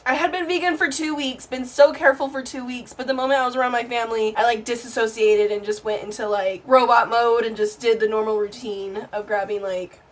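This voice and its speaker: A woman's voice: on the high side, steady tone, brisk, few pauses. A young woman vlogging to camera in a casual, frank, chatty way, laughing often and swearing now and then.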